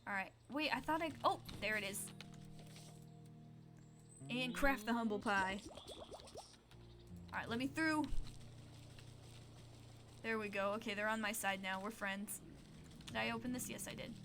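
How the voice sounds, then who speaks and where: Woman, game streamer, chatty playful commentary, slightly high voice, game music behind. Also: unhurried, long pauses. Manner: chatty, playful asides to herself.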